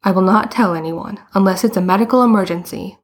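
A woman voicing a serious but kindly male school headmaster who speaks slowly and formally. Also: medium pitch, lightly acted. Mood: grave, kind. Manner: slow and formal.

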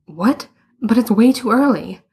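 A blunt young man questions his brother in a matter-of-fact, probing way, as a woman reads him in a story. The voice is husky and lifts slightly. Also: on the high side, expressive, unhurried, a little mellow, pitched above the performer's own voice, exaggerated voice. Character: blunt, reasonable older brother Edward.

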